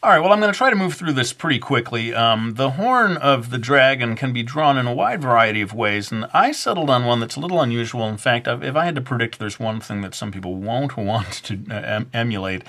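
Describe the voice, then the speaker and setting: A man's voice: medium pitch, expressive, brisk, few pauses, bright, forceful tone. A man narrating a drawing tutorial in a loose, rambling way, full of fillers and little self-deprecating jokes. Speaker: drawing instructor.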